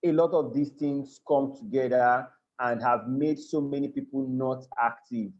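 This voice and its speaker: A Nigerian-accented man leads a live online class over a video call, his voice at an ordinary middle pitch. He talks earnestly, repeats and restarts phrases, and keeps asking whether his listeners are following. The call audio sounds a little dull and lo-fi. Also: steady tone, unhurried. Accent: Nigerian English.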